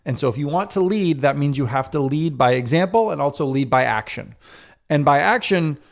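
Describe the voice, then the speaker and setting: Gravelly-voiced man talking straight to listeners. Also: fairly high pitch, lively intonation, brisk. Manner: candid, self-critical, addresses male listeners directly. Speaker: podcast host. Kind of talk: casual solo podcast talk.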